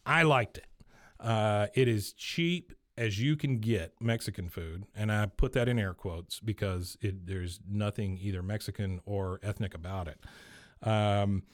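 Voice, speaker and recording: A man's voice: fairly low pitch, measured pace, no echo, clean studio sound. A man, casually recapping a TV episode with many fillers and asides. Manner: rambling retelling with many fillers and laughs. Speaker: podcast host recapping an episode. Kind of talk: casual chat.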